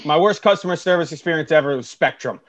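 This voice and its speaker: A man's voice: on the high side, quick pace, muffled recording. A man in his thirties co-hosting a podcast, ranting in a blunt, profane, dramatic way. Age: 30s. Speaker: podcast co-host. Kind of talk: casual chat.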